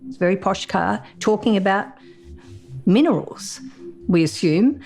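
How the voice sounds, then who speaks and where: A woman's voice: mid-range voice, expressive, unhurried, vocal fry, a little mellow. A woman being interviewed, answering in a thoughtful, wry way.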